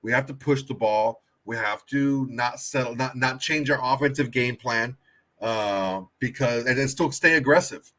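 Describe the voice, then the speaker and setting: A man's voice: medium pitch, moderate pace, pushed and bright. A man co-hosting a casual sports podcast, blunt and emphatic, swearing heavily. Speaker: podcast co-host.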